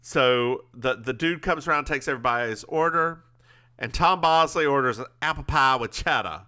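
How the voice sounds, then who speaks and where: A man co-hosting a podcast, recapping a TV episode in a rambling, animated way. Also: mid-range voice, moderate pace. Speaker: podcast co-host.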